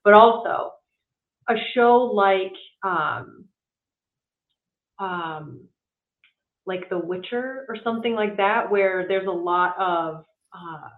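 A woman's voice: mid-range voice, slow, long pauses, echoey room, phone-quality sound. A young woman from Michigan, a singer-songwriter guest on a podcast, talking casually and filling her speech with "like". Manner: rambling, lots of filler likes. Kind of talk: casual interview chat.

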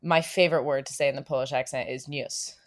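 Low-voiced actress in casual chat. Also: female voice, steady tone, fast. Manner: chatty, many fillers and restarts. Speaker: stage actor, interview guest.

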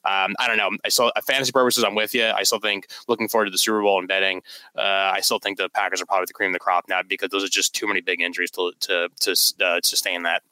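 A man co-hosting a casual sports chat, talking in a quick, chatty way with loose fillers. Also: low voice, level tone, pushed and bright, clean tone, no room sound, rough recording. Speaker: sports podcast co-host.

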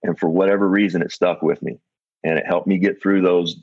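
A middle-aged man speaks candidly and reflectively as a guest, in a very low voice. The audio is dull and lo-fi with no room sound around it. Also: level tone, a little fast, no room sound. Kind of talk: candid personal storytelling.

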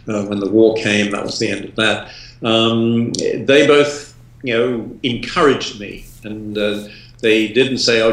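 A man's voice: lowish voice, a bit bright. An older man from England, a film director, reminiscing in an interview with lots of ums and restarts. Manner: rambling, with many ums and restarts. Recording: roomy echo.

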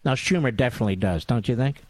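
A man's voice: medium pitch, fast, a little mellow, dry recording. A man hosting a talk radio monologue, sarcastic and mocking, with big theatrical swings in tone.

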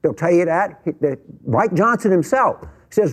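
A man's voice: sits high, animated, normal speed, slightly rough. A man arguing emphatically on a studio panel, repeating points and pushing his voice up when pressed. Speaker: panel guest. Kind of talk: heated panel discussion.

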